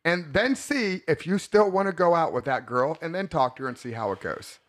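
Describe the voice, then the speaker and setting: A man's voice: on the high side, animated, brisk. A man hosting a casual podcast chat, crude and rambling, who laughs often. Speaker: podcast host.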